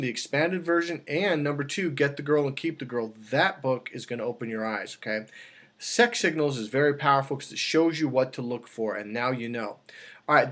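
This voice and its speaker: A man coaching on dating, talking casually to camera and telling a story with lots of restarts and self-corrections. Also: a little high. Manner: animated storytelling, acts out quoted dialogue.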